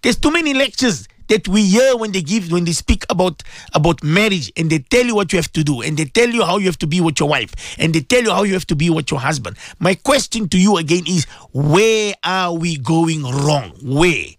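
A man's voice: high voice, lively intonation, quick pace, no echo. A man, a cleric hosting a radio show, speaks with emotion and keeps repeating rhetorical questions to his listeners. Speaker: radio host and Muslim cleric. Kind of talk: impassioned radio talk.

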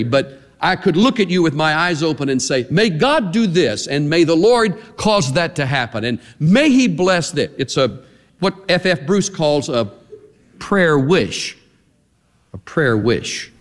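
A man preaching a sermon, explaining a Bible passage with emphatic, drawn-out words and light asides to his congregation. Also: mid-range voice, in a large hall. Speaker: pastor. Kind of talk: expository sermon.

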